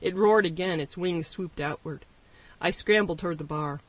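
A man's voice: on the high side, moderate pace, no echo. A man narrating an audiobook in a wry first-person storytelling manner. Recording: voice distant from the mic.

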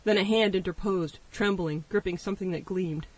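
A man narrates an audiobook with wry first-person storytelling. His voice sits high for a man, and he sounds distant from the microphone. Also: normal speed. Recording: voice distant from the mic.

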